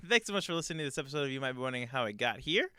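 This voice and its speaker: A man's voice: mid-range voice, very animated, rapid-fire, pushed and bright, clean tone, no echo, clean studio sound. A man narrating a tabletop game as game master and host, chatty and full of fillers.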